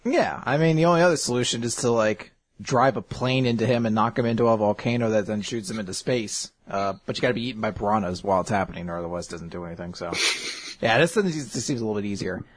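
A man's voice: fairly low pitch, fast, no room sound. A man hosting a casual, rambling recap of a comic, often laughing and swearing. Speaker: host.

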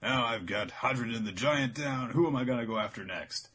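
A man's voice: medium pitch, moderate pace, pushed and bright, a little hiss or hum, natural voice. Man doing a gloating, brutish heavyweight. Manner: gloating, taunting.

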